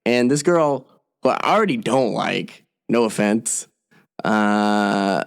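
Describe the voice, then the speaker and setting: A man's voice: lowish voice, takes it slowly, creaky, clean tone. A young man, an actor, co-hosting a comedy podcast, telling stories with lots of swearing and acted-out quotes. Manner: animated, profane, acts out quotes. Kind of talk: casual comedy chat, storytelling.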